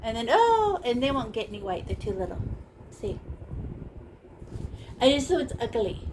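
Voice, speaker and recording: A woman with a slightly high voice leads a casual painting lesson, chatty and playful as she talks through each stroke. Noise hums steadily behind her, with vehicles passing now and then. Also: moderate pace, a little mellow, distant mic, poor audio. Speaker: painting teacher.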